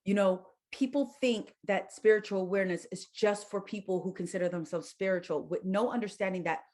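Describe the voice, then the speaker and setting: Woman guest telling stories, lively. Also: medium pitch, brisk. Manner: animated storyteller, acts out quotes. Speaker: guest, psychic healer and life coach. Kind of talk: casual podcast conversation.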